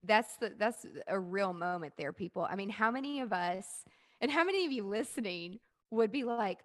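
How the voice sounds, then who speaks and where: A woman hosting a casual interview podcast, talking with excited enthusiasm. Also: mid-range voice, moderate pace, no echo. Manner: enthusiastic, gushing. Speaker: podcast host.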